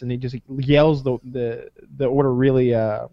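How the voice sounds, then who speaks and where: A man's voice: mid-range voice, normal speed, few pauses, no echo. A man co-hosting a podcast, telling a rambling, profane story in casual chat. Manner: rambling, profane, animated retelling. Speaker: podcast co-host. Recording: slightly dull lo-fi sound.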